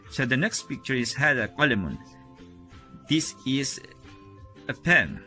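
Bright-voiced man teaching step by step. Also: medium pitch, faint music behind. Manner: explains step by step, repeating each word slowly. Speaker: Arabic teacher. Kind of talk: casual video lesson.

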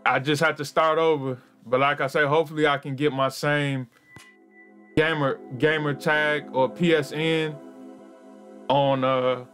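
A man streaming a game live, excitable and swearing a lot as he yells at the game, with game music behind him. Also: a little high, a little slow. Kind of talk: live gameplay commentary.

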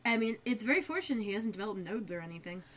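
A woman's voice: mid-range voice, lively intonation, racing. A young adult woman co-hosting a podcast, chatting casually about a TV episode and adding dry comments. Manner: conversational, adds dry comments. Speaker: podcast co-host. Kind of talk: casual recap chat.

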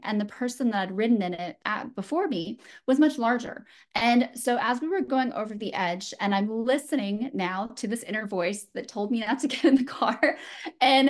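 Speaking as a guest, this adult woman from San Francisco, USA tells a personal story with an earnest, reflective tone. She pauses often, restarts and slips in little fillers along the way, her pitch sitting in a typical middle range for a woman.

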